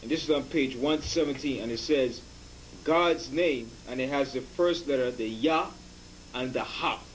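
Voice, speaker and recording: A man's voice: mid-range voice, moderate pace, rough recording. Guy reading out of a dictionary, lots of uhs, faint hum in the background. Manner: hesitant reading with fillers. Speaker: assistant reading from reference books.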